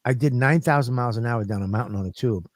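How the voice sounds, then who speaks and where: A man co-hosting a podcast, telling profane, animated stories in casual comedic chat. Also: mid-range voice, quick pace, dry recording, studio quality. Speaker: podcast co-host.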